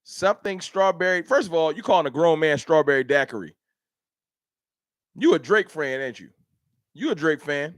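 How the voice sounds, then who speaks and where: High-voiced dude roasting his chat on a stream, real animated, dry sound. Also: moderate pace, long pauses, dry recording. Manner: trash-talking, animated, reads chat aloud. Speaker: livestream host. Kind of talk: casual livestream sports banter.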